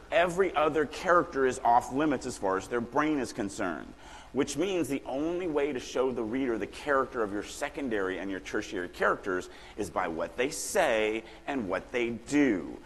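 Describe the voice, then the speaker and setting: A middle-aged man from Louisiana giving a casual, animated writing workshop talk at a conference, acting out quoted lines now and then. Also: medium pitch. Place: conference hall. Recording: long hall reverb, faint room noise.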